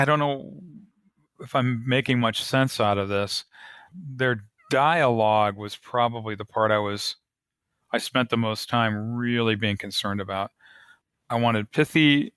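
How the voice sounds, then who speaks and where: A man, an author being interviewed on a podcast, explaining his craft in a thoughtful, measured way. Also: mid-range voice, fairly bright tone, clean tone, no room sound. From United States. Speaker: author guest.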